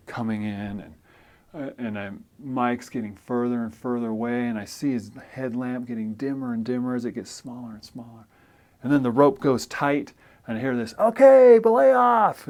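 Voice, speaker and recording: Guy telling a story, chatty, self-deprecating, jumps into different voices for the dialogue, mid-range voice. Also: mid-range voice. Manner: animated, acts out dialogue with shifts in voice; self-deprecating, conversational with fillers. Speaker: storyteller and loan officer. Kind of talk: casual spoken storytelling.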